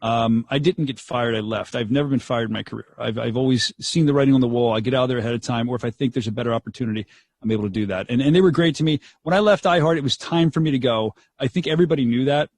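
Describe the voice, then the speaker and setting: In this dry recording, a young radio DJ guest speaks rapid-fire in a mid-range voice. It's a storytelling interview, and he delivers it animatedly, laughing a lot and performing the quotes he relates.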